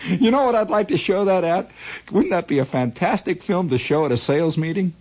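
A male comedian tells a story with lively, swooping delivery and a husky edge. He builds drama and pads it with mouth sound effects. The audio is muffled and lo-fi. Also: sits high. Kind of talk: comic storytelling monologue. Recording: dull lo-fi recording.

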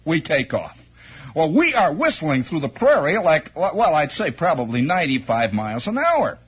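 A man telling a comic first-person story on the radio, animated and full of sound effects and acted-out voices. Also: a little high, moderate pace, husky. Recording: dull lo-fi old radio broadcast with faint music.

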